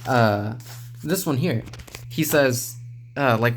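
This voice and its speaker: A man reviewing a manga volume in a relaxed, rambling way, with lots of filler sounds and small chuckles. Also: medium pitch, slow, long pauses, slight background noise. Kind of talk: casual video review.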